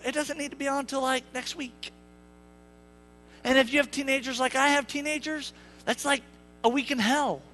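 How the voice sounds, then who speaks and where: A male pastor giving a sermon, telling funny family stories in an animated way. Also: extremely high pitch. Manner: animated, jokey, acts out voices. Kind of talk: sermon with humorous storytelling. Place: church sanctuary.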